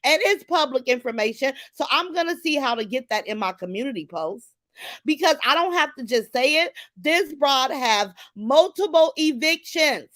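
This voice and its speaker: A middle-aged woman hosting a casual livestream, greeting viewers by name and speaking in an animated, emphatic way. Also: sits high, brisk, no room sound. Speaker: livestream host.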